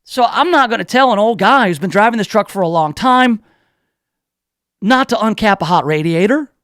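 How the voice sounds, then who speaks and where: Male talk radio host with a high pitch, dry close mic; rambling, self-deprecating storyteller. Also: lively intonation, moderate pace, a bit bright, no echo. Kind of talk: casual talk radio monologue.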